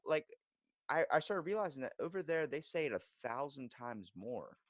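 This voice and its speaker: A man hosting a podcast, chatting casually and telling stories in a teasing, animated way. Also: mid-range voice, normal speed, no room sound. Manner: animated, teasing storyteller, laughs a lot. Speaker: podcast host. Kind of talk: casual chat.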